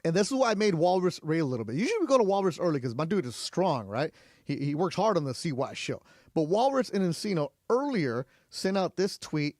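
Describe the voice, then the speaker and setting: A man hosts a sports radio show from the studio. His voice sits a little on the high side, and he drives his points with punchy rhetorical questions. The sound is close and dry with no room around it. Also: expressive, fairly quick, a little mellow, dry recording. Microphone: studio microphone.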